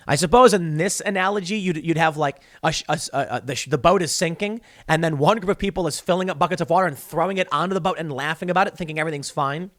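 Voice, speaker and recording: Male podcast host, slightly high-pitched, emphatic solo commentary full of analogies. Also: quick pace, hardly any pauses, a bit bright, no echo, studio quality. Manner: emphatic, argumentative, builds extended analogies.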